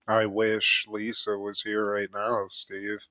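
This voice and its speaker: A man's voice: on the low side, completely flat delivery, slow, bright, forceful tone, dry recording. Laid-back joking man, dry close mic. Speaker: podcast co-host. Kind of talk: casual chat.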